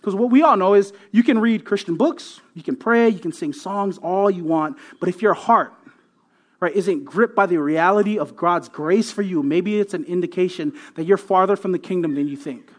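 A man's voice: high-pitched, moderate pace. A man preaching a sermon as a pastor, emphatic and repeating words, often checking in with "right?". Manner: emphatic, tags many points with "right?"; repeats words while building a point.

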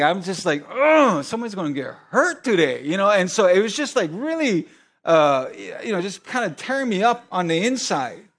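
Middle-aged male pastor, conversational preacher with emphatic repetition, slightly higher voice. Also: a bit bright. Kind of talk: sermon.

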